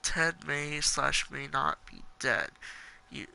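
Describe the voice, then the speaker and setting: A man's voice: a little high, big pitch swings, takes it slowly, creaky, sharp tone, poor audio. A man reading game text aloud and commenting casually, playful and giggly, with jokey asides between the lines. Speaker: let's play gamer.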